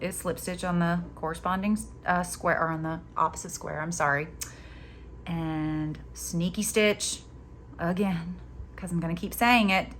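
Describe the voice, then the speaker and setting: A woman hosting a casual crochet tutorial, chatty and playful, teasing herself and cheering on her viewers as she works. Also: a little hiss or hum. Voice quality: chatty, playful, self-mocking. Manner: animated, jumps in pitch when excited.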